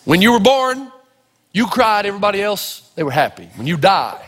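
A man preaching a sermon in a large echoing hall, his high voice leaping up and down as he tells stories. He acts out the people in them and shouts the big moments. He is a pastor from Tennessee. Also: big pitch swings, normal speed. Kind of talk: sermon with storytelling.

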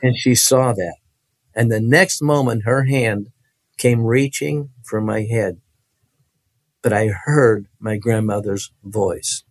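A man recounting a personal testimony as a guest, earnest and halting, often restarting his sentences. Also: fairly low pitch, no echo.

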